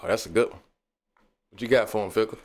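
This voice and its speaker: A man's voice: on the low side, quick pace. A man hosting a radio show in casual banter, upbeat as he brings on callers and guests. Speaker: radio host.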